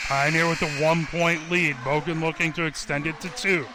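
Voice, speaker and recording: A man calling a basketball game play-by-play for radio, naming each pass in a rapid running call and getting louder at scores. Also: a little high, steady tone.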